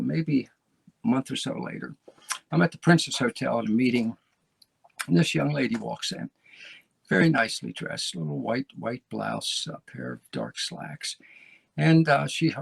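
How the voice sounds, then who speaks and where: Gravelly, husky-voiced man rambling as host. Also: mid-range voice. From United States. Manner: rambling storyteller with many restarts. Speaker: show host. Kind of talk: casual monologue to camera.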